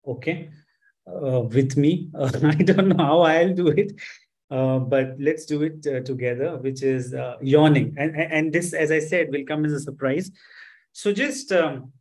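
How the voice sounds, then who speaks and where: Man leading a live stress workshop, fairly high voice, halting and filler-heavy, gently coaxing. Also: rough recording. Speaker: workshop instructor.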